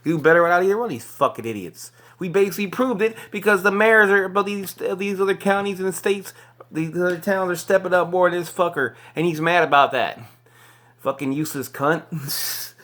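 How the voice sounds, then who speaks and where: A man's voice: high-pitched, brisk, fairly bright tone. Profane ranting man. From Texas. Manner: swears heavily, ranting and indignant. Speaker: podcast host. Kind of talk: angry ranting monologue.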